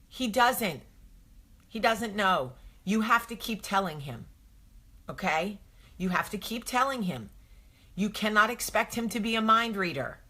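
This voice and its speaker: Woman vlog host, thirties, bright tone, emphatic, repeats herself, acts out quotes. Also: medium pitch. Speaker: vlog host giving marriage advice. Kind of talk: casual to-camera advice talk.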